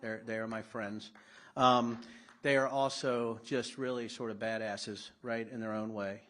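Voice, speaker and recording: A man's voice: on the low side, steady tone, measured pace, a bit bright. A middle-aged man giving a conversational, self-deprecating speech to a live audience at a political summit, with blunt asides.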